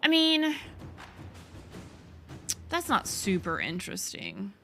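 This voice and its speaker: A woman's voice: medium pitch, huge pitch swings, slow, over music. A woman streaming a video game, chatting casually as she thinks aloud, laughing and swearing often. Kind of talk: casual gameplay commentary.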